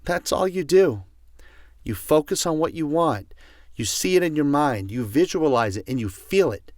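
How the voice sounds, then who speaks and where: Clean studio audio, free of echo, captures a man with a higher-leaning voice and lively intonation teaching a motivational course at normal speed. As a self-help speaker, he's passionate and gets loud, repeating key words for emphasis.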